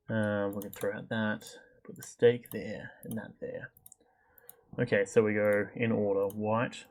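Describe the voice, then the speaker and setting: A young man with a fairly low voice chats casually while streaming a game. He rambles and thinks out loud, trailing off into fillers and restarting his sentences. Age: young adult. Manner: rambling, chatty, thinks aloud with many fillers. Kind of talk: casual gameplay commentary.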